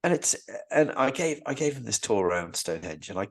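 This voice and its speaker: A man tells stories as a podcast guest, his voice husky and set low. He talks with rambling enthusiasm, often stumbling and restarting mid-sentence. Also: big pitch swings, fairly quick. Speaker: Stonehenge guide and podcast guest. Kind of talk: casual storytelling interview.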